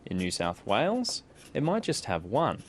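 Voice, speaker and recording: A man from Western Australia with a Western Australian accent, narrating a news feature in a clear, explanatory way. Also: mid-range voice, wildly swooping pitch, moderate pace, slight background noise. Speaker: reporter.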